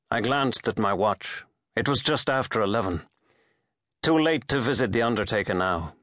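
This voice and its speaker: A man narrating a thriller audiobook in the first person, measured and even-paced. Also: on the low side, no echo, clean studio sound. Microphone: studio microphone.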